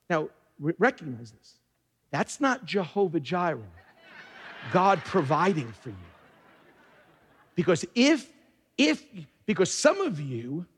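A man preaching a sermon as pastor, emphatic and animated, jumping up in pitch for emphasis and dropping to quiet asides. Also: breathy edge. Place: church sanctuary. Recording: long reverb of a church hall.

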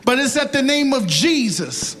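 A man's voice: very high-pitched, very animated, moderate pace, fairly bright tone, in a large hall. A man preaching and leading an altar-call prayer, building into impassioned, repetitive pleading. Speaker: pastor.

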